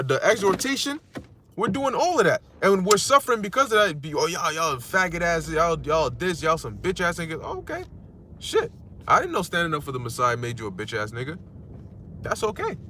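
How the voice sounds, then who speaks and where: Animated slangy preacher man. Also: a little hiss or hum. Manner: animated, slangy, acts out insults in a squeaky mocking voice. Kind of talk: casual street sermon.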